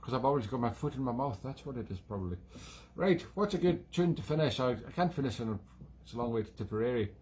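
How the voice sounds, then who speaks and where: Man playing a cheeky male leprechaun, put-on Irish brogue, rambling corny jokester, middle pitch, faint background noise. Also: expressive, fast, a little mellow, natural voice. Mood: playful. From Scotland. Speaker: musician and show host. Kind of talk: casual comic chat between tunes.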